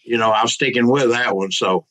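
A man's voice: medium pitch, moderate pace, a bit bright, low-quality recording. Folksy sounding man telling a story. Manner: rambling, folksy, quotes others aloud. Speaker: pastor and guest. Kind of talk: casual interview storytelling.

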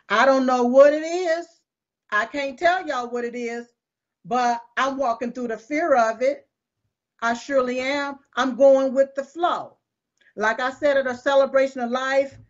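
A woman, hosting a live show and talking to viewers in an emphatic, repetitive, folksy preaching cadence. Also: fairly high pitch. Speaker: show host. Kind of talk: casual talk to viewers. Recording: dull lo-fi stream audio.

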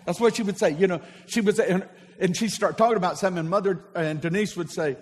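High-voiced pastor preaching in a reverberant church. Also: male voice, fast. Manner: preaching with call-and-response to a congregation. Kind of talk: sermon. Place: church sanctuary. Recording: long hall reverb of a church.

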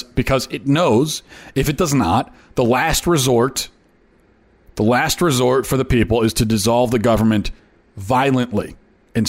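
A man hosting an opinion commentary show, talking emphatically and often repeating words for effect. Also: mid-range voice. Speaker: host.

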